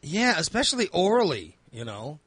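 A man's voice: a little high, wildly swooping pitch, normal speed, fairly bright tone, breathy edge, no echo, clean studio sound. A man telling crude comedic stories in casual chat, acting out quoted lines in a raised voice.

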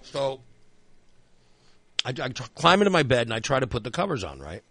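Man, bright dry voice, rambling casual storyteller who swears a lot. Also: mid-range voice, very animated, brisk, no room sound. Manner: rambling storyteller, filler-heavy, swears freely. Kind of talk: casual chat.

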